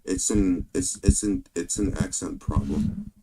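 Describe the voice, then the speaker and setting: A man in casual livestream chat who speaks haltingly, in hesitant fragments. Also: sits low, noisy background. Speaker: co-host on a livestream.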